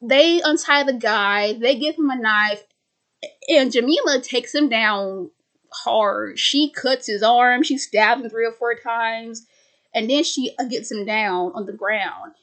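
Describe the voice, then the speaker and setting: A woman's voice: fairly high pitch, slow, fairly bright tone. A young woman casually recapping a film, stuttering and restarting words often. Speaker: video creator.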